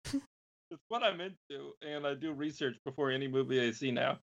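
A man's voice: medium pitch, moderate pace, vocal fry, muffled recording. A man co-hosting a podcast, dropping dry jokey asides in casual comedic chat. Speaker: podcast co-host.

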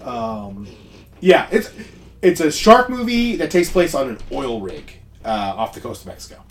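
A man's voice: mid-range voice, big pitch swings, measured pace. A man co-hosting a casual podcast chat, rambling and interrupting himself, often laughing. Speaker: podcast co-host.

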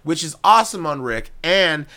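A man co-hosting a casual podcast chat about a TV show, excited and laughing often. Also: fairly high pitch, moderate pace. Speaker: podcast co-host.

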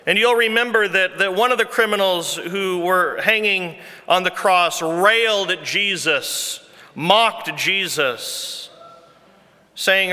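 Earnest pastor with a bright voice. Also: male voice, high voice, slow. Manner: earnest, emphatic, repeats key phrases. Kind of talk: sermon. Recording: long reverb from a large hall.

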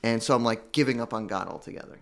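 A man giving an emotional personal testimony about recovery, earnest and halting, with many restarts. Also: medium pitch, gravelly. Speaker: guest telling his recovery story.

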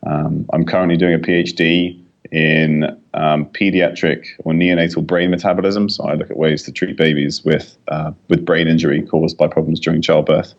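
A British man speaks in a very low voice, steady and explanatory with plenty of fillers. He sounds like a doctor guest on a podcast. His audio is dull and lo-fi, as over a remote line. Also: normal speed. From United Kingdom. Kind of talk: podcast interview.

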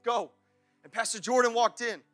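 A young man preaching a sermon at a church service, passionate, moving between shouted praise and quiet, personal confession. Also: high-pitched, moderate pace, dry recording, faint music behind. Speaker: pastor.

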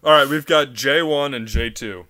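A man's voice: medium pitch, normal speed, pushed and bright, no room sound. A man co-hosting a casual comedy podcast, joking, laughing often and reassuring his partner. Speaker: podcast co-host.

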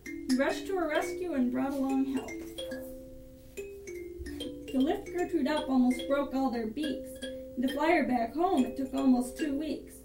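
A woman reading a rhyming storybook aloud in a sing-song, animated rhythm over improvised music. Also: high-pitched, measured pace, pauses often. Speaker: reader. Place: house room. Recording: echoey room, mic far off, with instrument playing.

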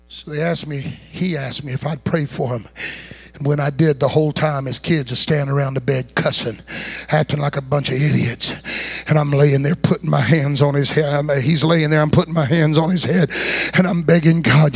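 Man, preacher, revival sermon storytelling, husky voice, fairly high pitch, impassioned, hushed to shouting. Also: steady tone, normal speed.

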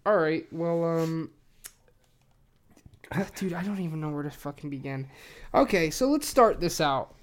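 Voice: mid-range voice, animated, a little slow, pauses often. A podcast host, a little tipsy, telling a true-crime story in casual chat with heavy swearing and loose, filler-heavy delivery.

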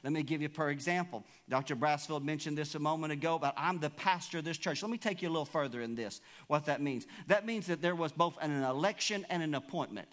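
A man's voice: on the high side, fast talker, hardly any pauses, fairly bright tone. A man preaching a sermon as pastor, emphatic and calling out to his congregation.

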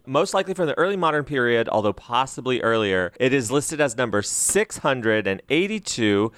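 Animated, playful man co-hosting. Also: mid-range voice, moderate pace, clear, resonant tone, no room sound. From United States. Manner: playful, jumps to silly voices. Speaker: podcast co-host. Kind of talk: casual chat.

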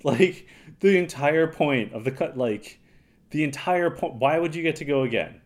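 Lively, blunt podcast man. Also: fairly high pitch, moderate pace. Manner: blunt, laughs often, emphatic. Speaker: podcast co-host. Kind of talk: casual podcast recap chat.

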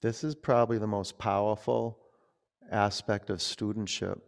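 A man teaching a yoga class, gently cueing breath and poses in a loose, conversational way. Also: on the low side, flat delivery, normal speed, gravelly.

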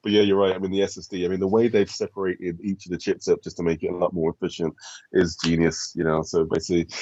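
A man's voice: sits low, mellow, breathy edge, no room sound, highs cut off. A man co-hosting a casual podcast, reading out listener questions and laughing often.

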